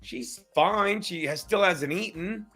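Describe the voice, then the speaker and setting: A man's voice: high voice, slow, bright, forceful tone, faint music behind. A man on a video call, telling a rambling story full of swearing and acted-out quotes in casual chat. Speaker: drop-in guest. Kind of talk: casual chat on a live stream.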